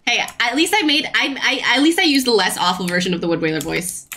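A woman streaming a game, chatting casually with quick, joking, swearing back-and-forth, with faint game music behind. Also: on the high side, sing-song, pushed and bright, a little hiss or hum. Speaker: streamer playing a game with a friend. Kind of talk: casual gaming chat.

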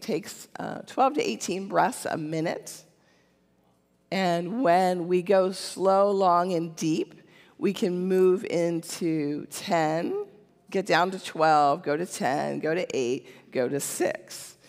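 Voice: mid-range voice, vocal fry. A church speaker giving a casual teaching talk, conversational and often checking in with "okay?". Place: church sanctuary. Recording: long church hall reverb.

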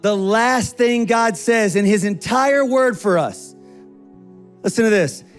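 Animated high-voiced man preaching. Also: slow, clean tone, faint music behind. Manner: animated, acts out quoted voices. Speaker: pastor. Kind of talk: sermon.

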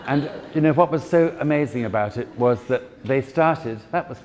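A man's voice: medium pitch, expressive, normal speed, hardly any pauses, a crowd in the background. A man giving a chatty, self-deprecating talk to an audience as an event designer. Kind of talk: anecdotal presentation to an audience. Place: large formal hall. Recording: echoey hall, faint background noise.

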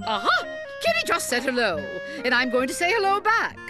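Silly pet talk-show lady, voice way up high, swoops everywhere. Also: wildly swooping pitch, fairly quick, over music. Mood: zany. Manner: over-the-top hostess, swooping delivery. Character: zany woman talk-show host for pets. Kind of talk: children's TV puppet sketch.

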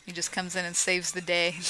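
A woman giving casual, joking commentary over a retro game she is playing, with sarcastic asides and excited yelps. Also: fairly low pitch, normal speed, rough recording. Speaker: let's play commentator. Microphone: home microphone.

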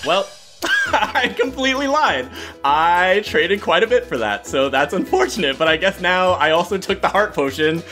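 A man giving excited gameplay commentary as a video host, often breaking into laughs and quick exclamations. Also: high voice, music in the background. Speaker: gaming YouTuber.

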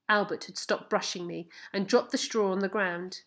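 A woman calmly reading a novel aloud as the narrator. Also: mid-range voice. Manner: calm, measured narration. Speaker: reader. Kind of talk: storybook reading.

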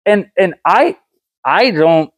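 A man talking as a podcast guest, frank and blunt as he tells his story. His voice sits a little high and moves around a lot in pitch, and it is recorded dry and close with no room sound. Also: animated, slow, no echo. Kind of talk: casual conversation.

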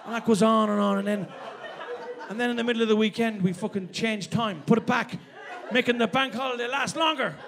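A man with an Irish accent performing a stand-up comedy set in a club, animated and sweary, acting out characters. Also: high-pitched, brisk, vocal fry. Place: comedy club with a live audience. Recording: live club with crowd laughter.

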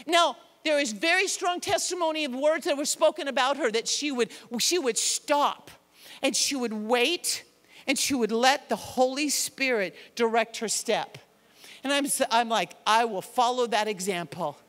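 High-voiced woman preaching in reverberant church. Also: normal speed. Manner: animated, self-deprecating, acts out quotes. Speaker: pastor. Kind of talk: sermon. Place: church sanctuary with a congregation.

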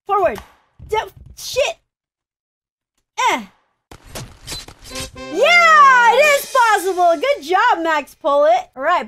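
A young woman commenting as she plays a video game, excitable, shrieking and groaning as she wins and fails. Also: high-pitched, noisy background. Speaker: gaming YouTuber. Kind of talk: let's play commentary.

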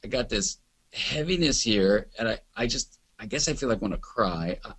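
A man doing a hushed old male client. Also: fairly low pitch, lively intonation, breathy edge, full character voice. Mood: sad. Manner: hushed, halting, searching for words. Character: elderly male therapy client, soft and tearful.

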